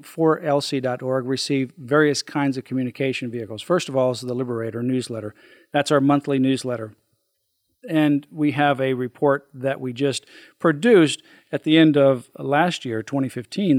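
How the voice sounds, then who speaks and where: A man hosting a talk radio show, speaking in a measured, earnest way. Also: mid-range voice, darkish tone, dry recording, studio quality.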